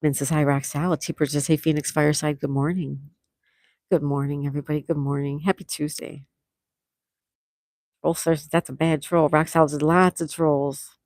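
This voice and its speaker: A woman's voice: low voice, little pitch movement, moderate pace, a little mellow, dry recording, studio quality. A woman hosting a casual livestream, chatting and reading out viewer comments, laughing often. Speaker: livestream host.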